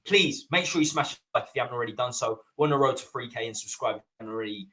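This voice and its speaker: A man hosting a live fan podcast, relaxed and hesitant with fillers. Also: mid-range voice, racing. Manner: relaxed, hesitant with ums, chuckling. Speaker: podcast host. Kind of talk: live-stream chat.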